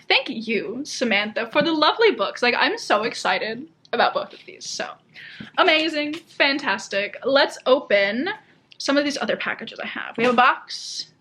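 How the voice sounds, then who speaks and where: A woman's voice: on the high side, expressive, normal speed, pushed and bright, husky. A young woman chatting casually as a book vlogger, gushing and laughing often, with lots of "like". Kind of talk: casual chat.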